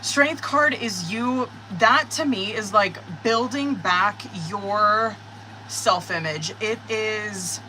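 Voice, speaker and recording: A woman doing a live-stream tarot reading, talking straight to her viewers in an excitable, profane, chatty way. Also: medium pitch, takes it slowly, a little hiss or hum, low-quality recording. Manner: excitable, cursing, talks to viewers. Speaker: tarot reader.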